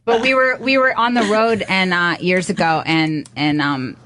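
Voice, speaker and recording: A woman's voice: lowish voice, normal speed, fairly bright tone. A woman comedian, a guest on a podcast, telling self-deprecating stories in casual chat.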